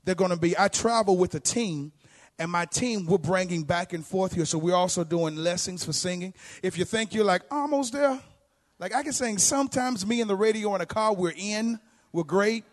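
A man speaking to a church congregation in a chatty, humorous way, full of quick asides. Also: sits high, expressive. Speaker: music minister.

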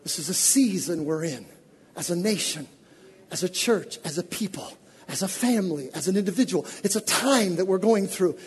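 A man preaching a sermon as pastor, speaking directly to his congregation and swinging from hushed asides to shouted exhortation. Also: sits high, expressive, moderate pace, slightly rough, big-room sound.

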